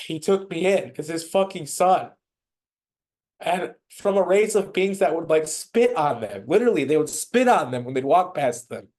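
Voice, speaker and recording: A man's voice: fairly high pitch, animated, normal speed, darkish tone. A man, a podcast guest, telling a personal story in a loose, casual way, swearing freely and filling with "like" and "um". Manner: loose and profane, many fillers and restarts.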